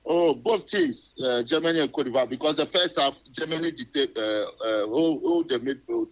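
A man's voice: mid-range voice, moderate pace. A man calling into a radio show, cheerful and rambling with many fillers. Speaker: caller. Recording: phone call on radio.

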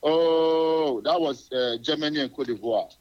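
Caller guy on the radio phone line, cheerful, rambles, lots of uhs. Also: fairly high pitch. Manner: rambling, cheerful, halting with fillers.

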